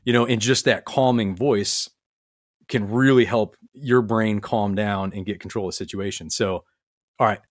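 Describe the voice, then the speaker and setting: A man with a lowish voice talks casually on a podcast. He tells stories in an earnest, rambling way, full of restarts and fillers. The sound is close and dry, with no room around it. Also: steady tone, normal speed, no room sound. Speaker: podcast guest, retired military medic. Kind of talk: casual conversational storytelling.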